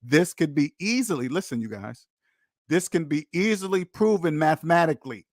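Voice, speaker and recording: A man's voice: a little high, expressive, normal speed, no room sound. Emphatic lecturing man, dry sound. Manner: emphatic, repetitive, lecturing the viewers. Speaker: personal finance channel host. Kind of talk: preachy direct-to-camera monologue.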